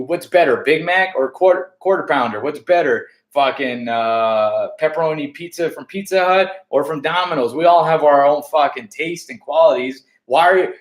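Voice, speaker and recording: A man's voice: fairly high pitch, reverberant. A man from the United States, a stand-up comedian, talking in a casual, profane, rambling way with lots of restarts. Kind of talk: casual backstage interview chat.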